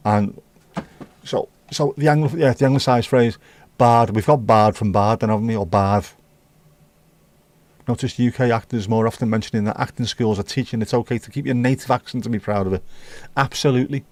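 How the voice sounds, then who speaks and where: A man's voice: mid-range voice, brisk, a little mellow, no room sound. British man, livestream host, casual chat, reads viewer comments aloud, opinionated, dry recording. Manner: chatty, opinionated, mildly profane.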